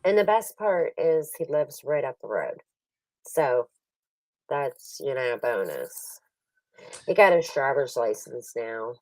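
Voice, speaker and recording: Chatty middle-aged woman, low and lively. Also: slow, dry recording, distant mic, rough recording. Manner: laughs often, chatty and animated when telling stories. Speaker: poker stream co-host. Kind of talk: casual storytelling chat.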